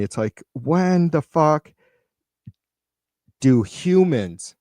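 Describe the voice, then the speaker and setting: A man's voice: medium pitch, animated, slow, dark tone, no room sound, clean studio sound. Profane, irritated man ranting on a live stream. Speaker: live stream host reading viewer comments. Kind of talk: casual live-stream rant. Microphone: computer mic on a live stream.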